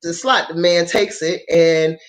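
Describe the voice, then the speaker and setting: Woman vlogger telling a crazy story, animated and cussing a lot. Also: fairly low pitch, measured pace. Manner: animated, profane, laughs often. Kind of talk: casual storytelling.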